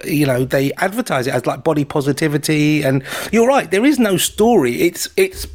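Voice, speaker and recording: A man on a podcast with a fairly high-pitched voice, chatting casually. He is wry and jokey, and he rambles through his points with a laid-back humor. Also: expressive, normal speed, darkish tone. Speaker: podcast co-host. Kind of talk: casual chat.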